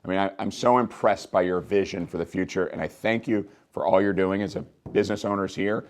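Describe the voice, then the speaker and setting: Show host: encouraging man, very deep voice, steady affirmations. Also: brisk. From Maryland, USA. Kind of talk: interview host.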